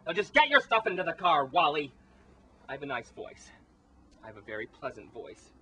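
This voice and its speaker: A man's voice: fairly high pitch, sing-song, fairly quick, pushed and bright, slight background noise, heavily acted, poor audio. A man playing a bossy, pushy female documentary filmmaker with a grating voice, in an amateur comedy spoof. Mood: indignant. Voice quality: grating, annoying voice. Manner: pushy and snappish, ordering others about.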